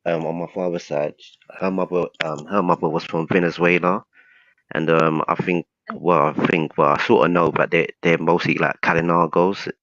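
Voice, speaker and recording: British male guest, very low voice, rambling and hesitant, muffled lo-fi call audio. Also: little pitch movement, normal speed, few pauses, fairly bright tone, dry recording. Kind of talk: casual conversation. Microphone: video call.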